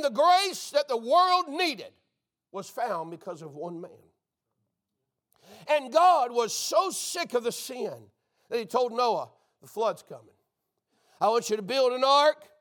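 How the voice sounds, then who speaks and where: A man preaching a fervent sermon, breaking into shouts and calling out to his listeners as dear friend. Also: extremely high pitch.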